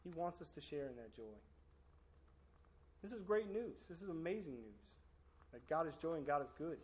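A man's voice: a little high, animated, normal speed. A man giving a sermon in a church service, in a casual, conversational way full of fillers and restarts. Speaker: preacher.

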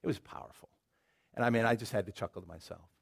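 A middle-aged man preaching a sermon as pastor, telling stories in an animated way and repeating words as he builds his point. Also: fairly low pitch, fast, creaky, husky.

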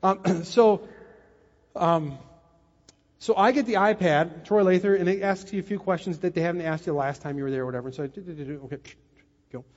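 Pastor telling a story, reverberant hall. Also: male voice, high-pitched, a little fast. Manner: storytelling, animated asides. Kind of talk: sermon with personal story. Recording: muffled, long hall reverb.

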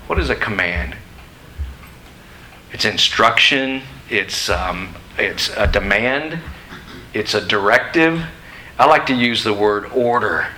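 In a church sanctuary, a middle-aged pastor preaches emphatically, putting questions to his listeners. His medium-pitched voice has a sharp tone, heard in a rough recording with a little hiss or hum.

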